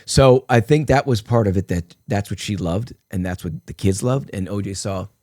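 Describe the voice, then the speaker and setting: A man's voice: on the low side, normal speed, a little mellow, no echo, studio quality. An older man, a guest in an interview, telling rambling anecdotes full of restarts and quoted dialogue. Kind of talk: casual storytelling interview.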